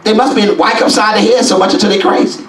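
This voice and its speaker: Man preaching, folksy call and response, high voice, roomy church sound. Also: steady tone, fast, crowd noise. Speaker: bishop preaching. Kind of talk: sermon. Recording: echoey church from a distance.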